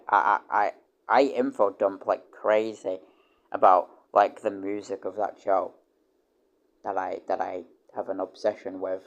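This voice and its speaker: Rambling, excitable male streamer. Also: on the low side, highs cut off. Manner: rambling, full of restarts and repeated words; blunt and swears freely. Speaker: livestreamer. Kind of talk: casual rambling chat.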